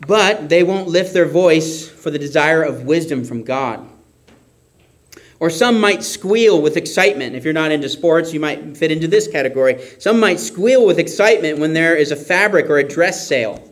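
A man preaching a sermon, expressive, acting out shouts and whispers. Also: on the high side, moderate pace.

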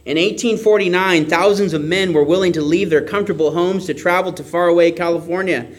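High-voiced man preaching a sermon. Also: fairly quick. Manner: expressive, acts out shouts and whispers.

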